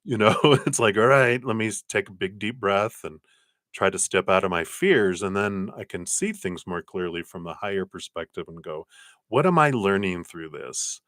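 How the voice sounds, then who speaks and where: A low-voiced middle-aged man talks through tarot cards on a live stream, gentle and encouraging as he gives spiritual advice. The sound is close and dry, with no room around it. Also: expressive, normal speed, no room sound. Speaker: tarot card reader. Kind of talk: live-stream card reading.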